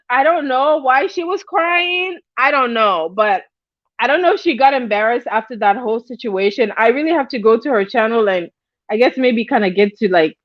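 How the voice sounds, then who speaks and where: A woman's voice: fairly high pitch, no echo, highs cut off. A woman hosting a casual livestream gossip chat. She laughs often and greets viewers by name. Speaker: livestream host.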